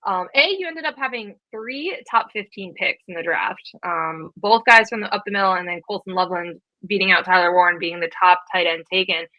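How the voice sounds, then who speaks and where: A woman's voice: on the low side, no room sound, dull audio. Chatty woman co-hosting a sports show. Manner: quick, chatty, many fillers. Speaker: podcast co-host. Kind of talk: casual sports chat.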